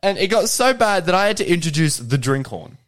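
A man's voice: high-pitched, big pitch swings, brisk, fairly bright tone. A young Australian man co-hosting a podcast in casual, joking chat, swearing freely. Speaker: podcast co-host.

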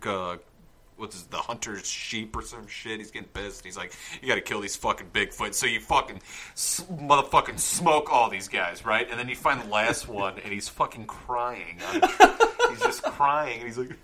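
Guy on a podcast cracking crude jokes, bright voice, swoops up and down a lot. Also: medium pitch, very animated, normal speed, a little hiss or hum. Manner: laughs often, profane, mocking quotes. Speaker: podcast co-host. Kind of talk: crude comedic banter.

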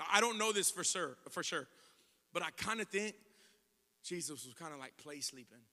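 A pastor with an extremely high-pitched voice preaches a sermon, acting out the story with lively voices and building to shouted proclamations. The sound is echoey, as in a large hall.

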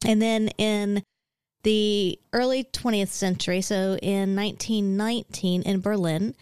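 A woman co-hosts a casual podcast and walks through her history notes in a relaxed, chatty way, full of little fillers. Her voice is dry and close, with no room sound. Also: mid-range voice, measured pace, clear, resonant tone, no room sound. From Australia. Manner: chatty and explanatory, with frequent fillers like "so" and "like". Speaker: podcast co-host.

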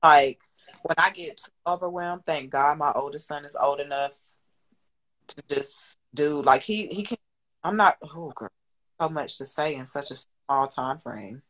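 On poor audio, a woman in her thirties speaks in a low-pitched, unhurried, slightly bright voice. A business owner and single mother, she's a podcast guest talking candidly and at length, cursing freely and becoming emotional.

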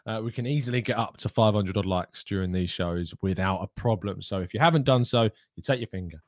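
A man's voice: on the low side, fairly quick, no room sound, clean studio sound. A man hosting a daily live football news show, chatty and opinionated as he reads out viewer questions. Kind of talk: live-streamed football chat.

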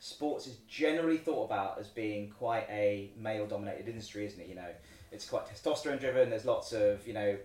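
Fast-talking man, host. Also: fairly low pitch, recorded from a distance. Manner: rambling storyteller, acts out shouted quotes. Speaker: podcast host. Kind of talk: casual podcast chat. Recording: echoey room, off mic.

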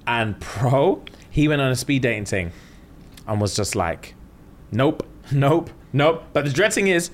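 A young man, co-hosting a casual podcast. He tells stories with plenty of slang and acts out every quote, and his pitch moves a lot. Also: moderate pace. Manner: animated storytelling, acting out quotes with slang. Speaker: podcast co-host. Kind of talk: casual chat.

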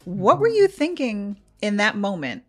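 A woman's voice: mid-range voice, very animated, a little slow, a bit bright, faint music behind. A woman hosting an interview, asking her guest probing questions. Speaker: podcast host.

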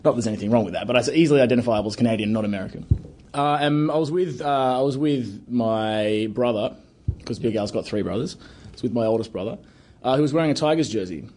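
A man with an Australian accent, a podcast co-host telling a story with mock outrage, full of halting restarts and talking about himself in the third person. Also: medium pitch, darkish tone. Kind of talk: casual chat, storytelling.

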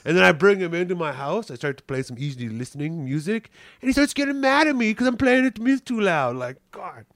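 A man's voice: high voice, animated, fast, hardly any pauses, a bit bright, no room sound, clean studio sound. A man putting on the voice of a rowdy young man griping through a story about a bad night, rambling and indignant.

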